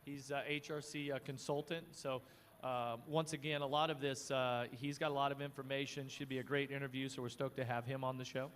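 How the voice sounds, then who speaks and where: Male co-host, mid-pitched, laid-back teasing chat outdoors. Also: level tone, brisk, fairly bright tone. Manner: easygoing, teasing, many fillers. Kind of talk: live paddock broadcast chat. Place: outdoor motocross paddock.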